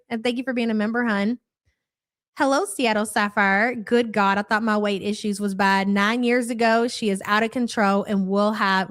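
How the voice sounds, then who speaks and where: A woman's voice: mid-range voice, a bit bright, dry recording, studio quality. A woman hosting a live reaction stream, talking casually and bluntly with a sarcastic edge as she answers viewer chats and calls them "hun".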